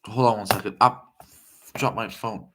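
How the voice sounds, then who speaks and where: A man from the United States chats casually with viewers on a live stream, rambling and excitable. His pitch is fairly low and his speed normal.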